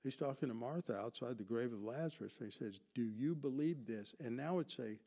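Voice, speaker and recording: Speaking fairly quickly in a mellow, medium-pitched voice, a Bible teacher lectures from slides as in a classroom. He covers Greek grammar, throwing questions to his listeners and answering them himself.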